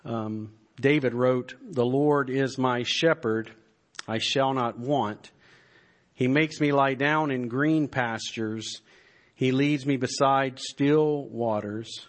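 A man preaching a Sunday sermon, reading psalms aloud and repeating words as he builds to fervent emphasis. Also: medium pitch. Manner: slow and deliberate, rising to fervent emphasis when reading psalms; repeats words while searching. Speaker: pastor.

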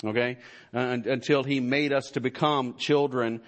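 A man preaching a sermon as pastor of a church, halting with many fillers and restarts, then building to emphatic fervor. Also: mid-range voice, fairly even intonation.

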